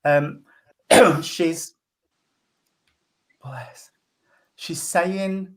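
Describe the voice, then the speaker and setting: A man giving a mediumship reading at a service, speaking gently and hesitantly with many pauses. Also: fairly high pitch, fairly even intonation. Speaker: spiritualist medium.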